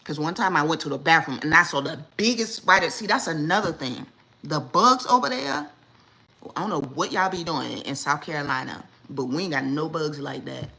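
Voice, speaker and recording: Low-voiced animated woman in her forties. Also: normal speed, creaky, rough recording. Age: 40s. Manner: animated storytelling, acts out quotes, lively and indignant. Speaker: livestream host. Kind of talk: casual chat with viewers.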